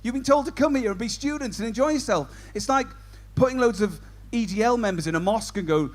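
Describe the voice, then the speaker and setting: A man's voice: very high voice, quick pace, few pauses. A man compering a stand-up comedy show, doing cheeky banter with the audience. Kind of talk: crowd work stand-up.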